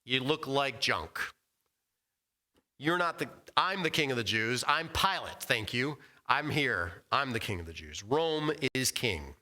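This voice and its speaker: A man's voice: medium pitch, lively intonation, measured pace, pushed and bright. Man putting on a scoffing Roman governor. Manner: scornful, dismissive.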